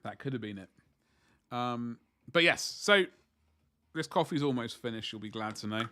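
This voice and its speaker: A man's voice: medium pitch, animated, moderate pace, pushed and bright. A man chatting casually to viewers on a livestream as he paints miniatures, rambling and joking in asides.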